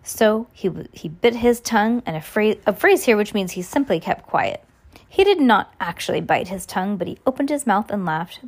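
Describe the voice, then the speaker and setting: A woman's voice: expressive, normal speed. A woman reading a children's novel aloud and voicing every character herself. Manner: reads all parts herself, high giggles for characters. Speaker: reader. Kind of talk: audiobook reading.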